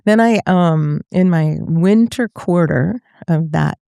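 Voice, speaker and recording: A woman in her seventies from Northern California, a voice teacher and podcast guest, telling her story in a relaxed, reflective way with frequent laughs. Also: fairly low pitch, takes it slowly, gravelly, smooth, dry recording, studio quality. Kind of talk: casual conversational storytelling.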